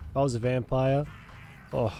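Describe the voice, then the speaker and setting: A man's voice: mid-range voice, fairly even intonation, moderate pace, warm tone, slight background noise. A man streaming a video game, talking casually with a nasal, congested voice from a cold, joking and swearing. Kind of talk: casual gameplay commentary.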